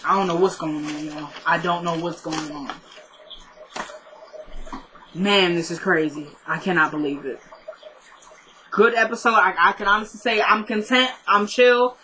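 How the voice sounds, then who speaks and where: A young woman recapping a TV episode in a casual vlog, chatty and excitable, rambling with lots of "like"s. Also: on the low side, a little slow, pauses often, noisy background. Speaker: TV show reviewer.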